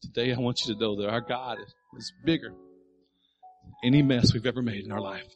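A man's voice: medium pitch, steady tone, normal speed, dull audio, soft background music. A middle-aged male pastor preaching a sermon, telling a family story and building to emphatic appeals.

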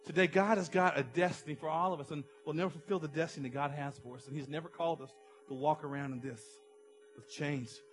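A man's voice: fairly high pitch, steady tone, quick pace, soft background music. A middle-aged man preaching a passionate sermon as a pastor, acting out an illustration with someone from the congregation.

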